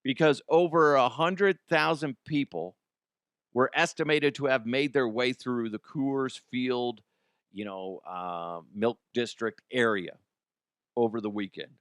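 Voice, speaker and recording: A middle-aged man riffs through a comedy podcast with a bright, crisp voice. He is self-mocking and reads ads casually. The sound is close and dry. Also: unhurried, no room sound. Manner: self-mocking, jumps into high squeals for jokes.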